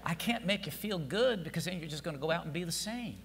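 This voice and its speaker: A man preaching an Easter sermon in a high, bright voice that rings out over the congregation. He swings from hushed, near-whispered lines to fervent shouting. The sound carries a long church reverb over a faint hum. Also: expressive, fast, vocal fry. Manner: dramatic preaching that builds from quiet to shouting. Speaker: pastor. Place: church sanctuary.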